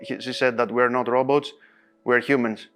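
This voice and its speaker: A man recounts a match in a casual interview, speaking animated non-native English. His pitch sits mid-range for a man, and he often breaks into laughter. Soft music plays faintly underneath. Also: moderate pace. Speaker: pool player interviewee.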